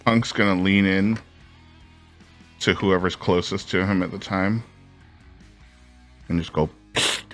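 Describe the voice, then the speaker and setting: Animated, swearing man player. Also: low voice, measured pace, pauses often, faint music behind. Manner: animated, swears, jumps into character. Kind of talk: tabletop role-play.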